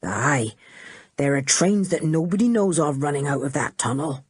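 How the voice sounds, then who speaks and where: A woman doing a gruff old shepherd. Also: deep voice, lively intonation, no echo, clean studio sound. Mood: ominous. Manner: slow, warning, rustic.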